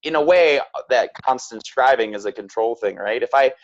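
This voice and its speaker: Male guest, earnest and frank, mid pitch, slightly muffled lo-fi recording. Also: a little fast. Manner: earnest, frank, lots of "like" and "right?". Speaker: podcast guest. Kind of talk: casual reflective chat. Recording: slightly dull lo-fi sound.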